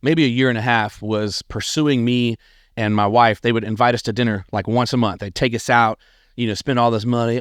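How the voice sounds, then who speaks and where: A man's voice: mid-range voice, fairly quick, clean tone, dry recording, studio quality. Earnest man telling his story. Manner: earnest, animated, acts out quoted people. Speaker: podcast host telling his life story. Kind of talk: casual personal storytelling.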